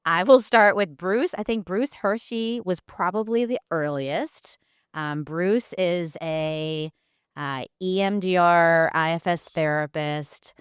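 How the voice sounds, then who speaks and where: A woman's voice: on the low side, slow pace, clean tone, dry recording, studio quality. A woman hosting a podcast interview, speaking with enthusiasm and laughing often. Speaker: podcast host. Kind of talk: casual interview chat.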